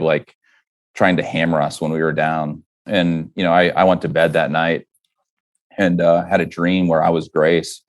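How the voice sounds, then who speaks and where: A man with a very low voice shares a personal story as a podcast guest. He is middle-aged and speaks earnestly, with halting restarts and many "you know"s. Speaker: guest, company founder.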